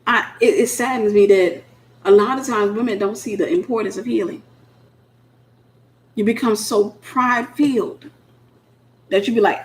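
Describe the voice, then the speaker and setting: Speaking to single women, this middle-aged minister preaches in a blunt, sassy, informal way and performs the voices she quotes. Her mid-range voice keeps a moderate pace and pauses often.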